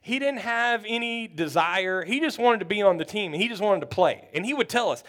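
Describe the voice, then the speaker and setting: A pastor from Texas telling a story in a sermon, animated and acting out the people in it. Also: male voice, sits high, a little fast, hardly any pauses. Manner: animated storytelling, acts out quotes.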